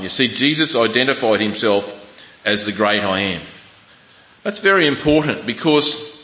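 A man preaching a sermon, reading scripture slowly with restarts and asides. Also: mid-range voice, pushed and bright. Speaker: pastor. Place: church hall. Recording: echoey church hall.

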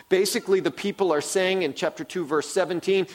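A middle-aged man preaching a sermon, earnest, repeating key phrases for emphasis and rising in pitch when he voices quoted complaints. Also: steady tone, a little fast, hardly any pauses. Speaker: pastor.

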